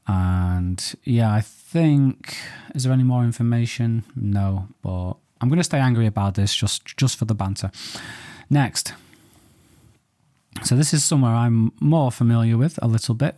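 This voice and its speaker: This studio-quality recording, free of room sound, features a mellow, mid-range male voice. Hosting a photo reaction show, he chats casually about viewers' photos, musing aloud and bantering playfully.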